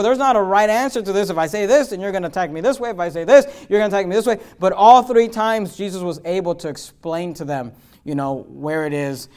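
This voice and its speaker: A man, a pastor, preaching a sermon in a fervent way, mixing chatty asides full of restarts with loud, emphatic passages that build up. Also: high-pitched. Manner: conversational asides with fillers and restarts.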